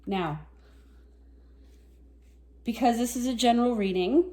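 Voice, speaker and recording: A woman giving a casual tarot reading to camera, soft-spoken and reflective, a little teary and sniffling. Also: fairly high pitch, measured pace. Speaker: tarot reader.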